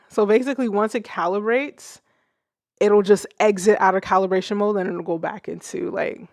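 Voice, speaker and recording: A woman's voice: medium pitch, gravelly, dry recording, studio quality. A young woman livestreaming from her music setup, chatting loosely, laughing and swearing casually. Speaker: music streamer.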